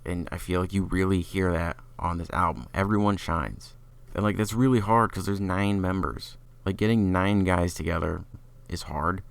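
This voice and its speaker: Gravelly deep-voiced man. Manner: opinionated, chatty, filler-heavy. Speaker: music reviewer. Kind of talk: casual album review.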